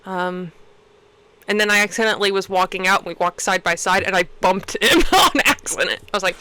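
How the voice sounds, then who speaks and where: A young woman co-hosting a podcast, telling a rambling, excited story in casual chat and swearing freely. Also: medium pitch, fairly quick, clean tone, dry recording, poor audio. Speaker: podcast co-host.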